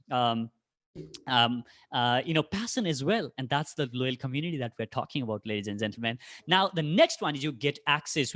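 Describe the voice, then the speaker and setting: A man with an Indian English accent giving an energetic talk to an online conference audience, firing rhetorical questions at them. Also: a little high, dry recording, studio quality. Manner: animated, addresses audience directly with many rhetorical questions. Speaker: podcaster giving a career talk.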